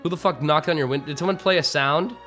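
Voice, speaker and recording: Quick-paced and sharp-toned, a man with a slightly high voice rambles through a casual live-stream chat about voice acting, joking about himself and breaking into laughter. He's a streamer and voice actor on a streaming microphone, with soft background music playing.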